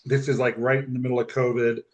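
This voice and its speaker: A man's voice: medium pitch, fast. A man telling a personal story on a podcast, acting out the voices of the people in it. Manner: animated storyteller who acts out quoted speech. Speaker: podcast guest. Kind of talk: storytelling in casual conversation.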